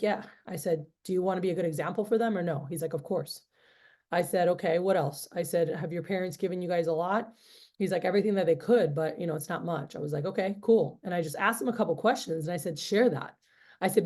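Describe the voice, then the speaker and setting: A young woman training sales reps, telling stories and acting out both sides of the conversations. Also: lowish voice. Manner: animated storytelling, acting out both sides of dialogues. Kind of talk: motivational sales training talk.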